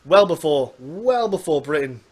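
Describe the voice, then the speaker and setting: A man's voice: on the high side, expressive, unhurried. A man from the Isle of Man with a Manx accent, hosting a podcast interview in a chatty, rambling, self-deprecating way. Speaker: podcast host. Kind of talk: casual interview chat.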